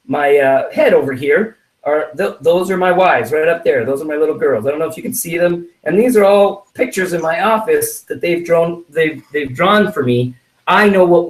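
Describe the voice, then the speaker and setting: A man giving a motivational sales training talk, acting out little scenes and checking in with "right?" from his home office. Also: on the high side. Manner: animated, acts out little scenes, keeps asking "right?". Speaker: network marketing trainer. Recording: roomy sound, mic at a distance.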